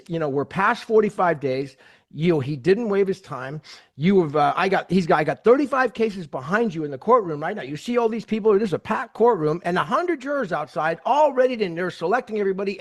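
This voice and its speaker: Man, host, casual storytelling, slightly high pitch, acts out quotes, frequent restarts. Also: moderate pace. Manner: animated, acts out quoted voices, many restarts. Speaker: host retelling a court case.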